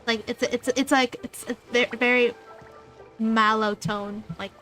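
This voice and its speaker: A woman's voice: fairly high pitch, steady tone, a little slow, a bit bright, faint music behind. A woman streamer with a light soprano voice, chatting casually and giggling while she plays. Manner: chatty, giggly, lots of restarts. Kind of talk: casual livestream chat while gaming.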